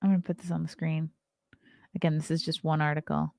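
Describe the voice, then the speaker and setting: A woman's voice: low-pitched, flat delivery, quick pace, vocal fry, a little mellow, dry recording, clean studio sound. A woman in her thirties hosting a casual solo livestream, chatting, reading articles aloud and reacting to them, yawning often. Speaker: host.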